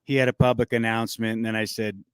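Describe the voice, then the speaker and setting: A man's voice: lowish voice, level tone, fast talker, clear, resonant tone, dry recording. A man as a guest on a casual livestream talk show, loose and joking with frequent swearing.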